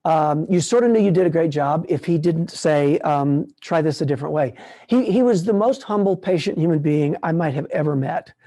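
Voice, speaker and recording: Casting: older man, somewhat high, mellow voice, relaxed rambling puppeteer answering questions on a video call. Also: moderate pace, few pauses. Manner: relaxed, rambling, many restarts. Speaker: puppeteer speaking at a conference. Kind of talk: casual talk and Q&A.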